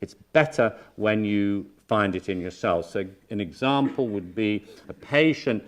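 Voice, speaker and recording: A man's voice: on the low side, a little slow. A man, a psychotherapist, giving a conference lecture and acting out the voices of patients and colleagues. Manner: animated, acts out patients and colleagues in quoted voices.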